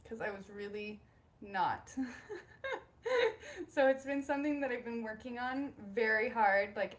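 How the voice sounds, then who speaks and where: A young woman hosting a casual spiritual livestream from home, bubbly and giggly as she greets viewers by name. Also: mid-range voice. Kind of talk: casual live-stream chat.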